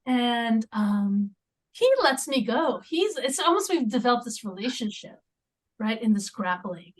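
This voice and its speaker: A woman speaking as a podcast guest in a conversational interview, halting, with many fillers and restarts. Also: on the high side, expressive. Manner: drops into near-whispers at times.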